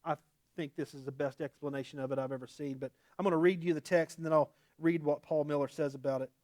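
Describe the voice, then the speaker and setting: A man preaching a sermon as a pastor, emphatic and animated, with casual humor. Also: a little high, quick pace, no room sound, studio quality.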